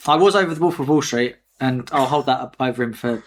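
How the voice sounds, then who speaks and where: A man's voice: mid-range voice, a little fast, a little hiss or hum. A man co-hosting a podcast, teasing and cocky in casual chat. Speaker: podcast co-host.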